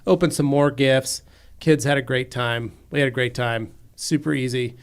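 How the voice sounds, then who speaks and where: A man's voice: medium pitch, steady tone, moderate pace, smooth. A man co-hosting a podcast in a studio, telling a story in a casual chat and acting out the voices of his family. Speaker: podcast co-host.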